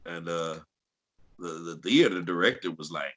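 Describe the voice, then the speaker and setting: A man in his fifties from St. Louis with a deep bass voice, telling stories as an interview guest in an animated way and slipping into impressions. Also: normal speed, low-quality recording. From St. Louis, Missouri. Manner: animated storyteller who breaks into impressions and laughs. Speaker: guest voice actor. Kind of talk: casual interview storytelling.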